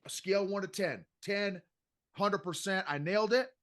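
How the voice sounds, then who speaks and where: A middle-aged man coaching on emotional intelligence as a podcast guest, talking in an animated, emphatic way and repeating his points. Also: high-pitched, normal speed. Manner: animated and emphatic, repeats phrases, says "bro". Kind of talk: casual podcast interview.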